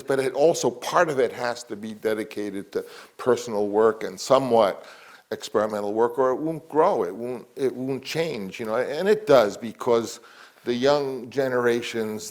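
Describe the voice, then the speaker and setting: A man's voice: fairly low pitch, a little mellow. A man, a film director, talking reflectively in an interview, rambling with many restarts.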